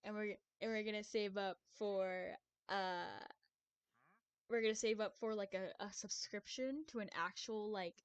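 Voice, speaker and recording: A young adult woman chatting on a live stream, excitable and rambling, who swears often and stumbles over her words. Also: mid-range voice, unhurried, smooth, dry recording. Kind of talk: casual live-stream chat.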